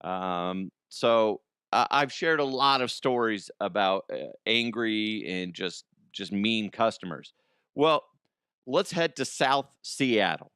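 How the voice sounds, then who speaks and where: Man, 30s, podcast host, comedic news chat, joking, laughs a lot, lively swinging pitch, dry close sound. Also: slow, clean tone, no echo. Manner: animated, joking, laughs often. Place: home, morning recording.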